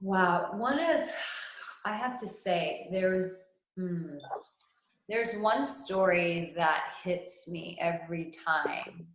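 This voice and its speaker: A woman's voice: fairly low pitch, very slow, background noise. A woman intimacy coach telling a personal client story in conversation, candid and blunt, with frank profanity. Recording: echoey room.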